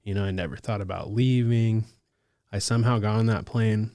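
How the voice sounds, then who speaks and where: A man from Alaska working as a case manager, telling his own story in a casual, slangy podcast chat full of "like" and "bro" and quick laughs. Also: fairly low pitch, steady tone, dark tone, no room sound.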